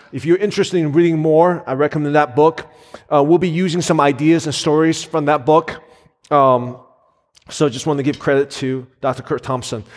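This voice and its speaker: A man in his thirties preaching a sermon as a pastor, earnest and conversational, with frequent fillers. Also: high voice. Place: church sanctuary. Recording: long hall reverb.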